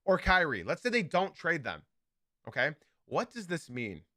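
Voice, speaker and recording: An animated man hosting a live basketball podcast, his pitch swinging widely as he drives his points home. He repeats key lines for emphasis, and his bright, forceful voice sits close in a dry room with no echo. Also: normal speed. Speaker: podcast host.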